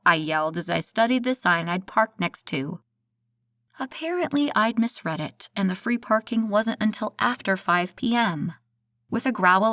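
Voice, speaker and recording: A woman narrating a first-person audiobook in a steady, measured storytelling voice. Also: mid-range voice, dry recording, clean studio sound.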